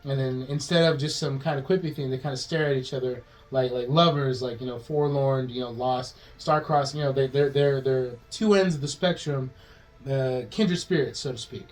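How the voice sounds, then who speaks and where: A man co-hosting a podcast, pitching a movie plot in a rambling, swearing way and acting out the characters' lines in quick changing voices. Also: rough recording. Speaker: podcast co-host.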